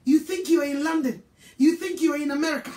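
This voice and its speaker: Ghanaian woman evangelist, high voice, scolding sermon, echoey room. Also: brisk, darkish tone. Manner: scolding, emphatic preaching.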